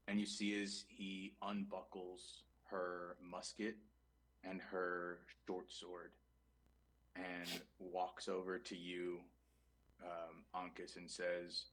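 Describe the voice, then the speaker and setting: A man's voice: low-pitched, completely flat delivery, slow, a bit bright, poor audio. A man narrating a tabletop game as game master, casual and full of fillers.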